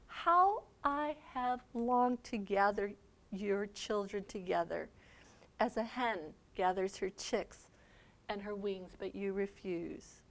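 A woman reading aloud the words of an angry, grieving male prophet, scolding loudly and then lamenting quietly. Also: mid-range voice, very animated, takes it slowly.

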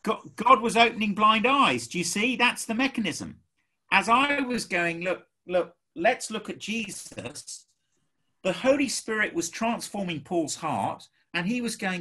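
A man with an English accent preaching a sermon, emphatic and animated, acting out the people he quotes. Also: high-pitched, unhurried.

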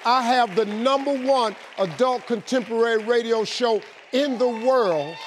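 A middle-aged man telling an animated motivational story, often repeating "man" as filler. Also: extremely high pitch, unhurried, few pauses, a faint crowd, a little hiss or hum. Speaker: motivational speaker. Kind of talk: storytelling speech.

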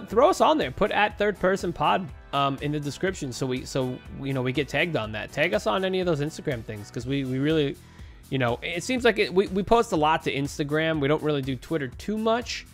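Tired man co-hosting a podcast. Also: a little high. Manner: talks in bursts with many restarts and repeated words. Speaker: podcast co-host. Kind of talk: casual chat.

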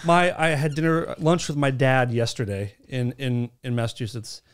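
A man's voice: mid-range voice, fairly even intonation, normal speed, smooth. A man from the Boston area hosting a podcast, chatting casually with crude, teasing, profane jokes. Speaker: host.

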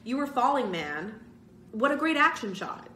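A woman's voice: fairly high pitch, sing-song, moderate pace, sharp tone, slight background noise, voice pushed up. Woman doing a teasing, wisecracking boy. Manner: teasing, mocking. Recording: roomy echo.

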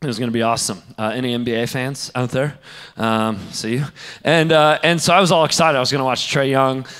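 A young man preaching a sermon, telling a story in a lively way and acting out the other people's lines. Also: medium pitch, brisk, clear, resonant tone, in a large hall. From St. Louis area. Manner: animated, acts out quoted voices. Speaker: pastor.

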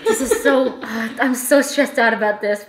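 Speaking at a moderate pace in a fairly high voice, a woman runs a laid-back eating vlog, chatty, rambling and quick to laugh. A friend holds the camera, and the echoey room has faint music in the background.

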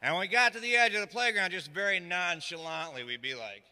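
A middle-aged man from Virginia, telling a comic story live on stage with dry asides and loud shouted lines. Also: sits high, expressive, brisk. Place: stage in a hall. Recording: echoey hall reverb.

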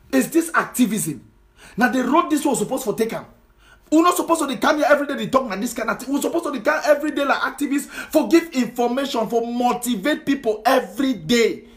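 A man's voice: very high-pitched, fairly bright tone. A man with a Cameroonian Pidgin English accent delivering an impassioned social media monologue, scolding his audience with repeated rhetorical questions. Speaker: political commentator.

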